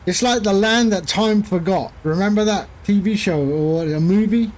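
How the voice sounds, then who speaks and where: Male flight-sim streamer, high voice, rambling, jokey, casual. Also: moderate pace, a little mellow. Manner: chatty, rambling, jokey asides to chat. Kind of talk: casual chat while flying a sim.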